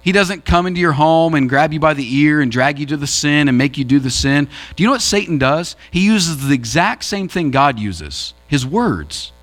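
A man's voice: fairly high pitch, lively intonation, normal speed, few pauses, a bit bright. A man preaching a sermon as pastor, building emphasis through repeated phrases. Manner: preaching with rising emphasis and repetition.

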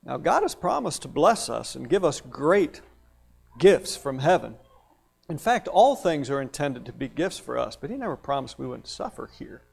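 A man's voice: a little high, sing-song, normal speed, vocal fry, a little mellow, breathy edge. A male pastor preaching a sermon in a conversational way, with playful asides and rising emphasis on key words.

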